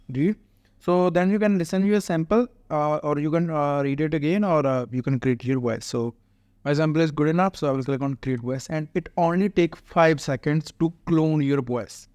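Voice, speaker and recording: A man hosts a casual screen-recorded software tutorial, guiding viewers through a website click by click with frequent "uh" fillers. His voice is a little high and slightly mellow, at a normal speed. The recording is dry and close, with no room sound.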